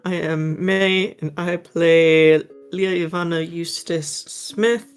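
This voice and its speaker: A woman player introducing her character, talking haltingly and searching for words. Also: on the low side, steady tone, clear, resonant tone, faint music behind. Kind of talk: casual chat.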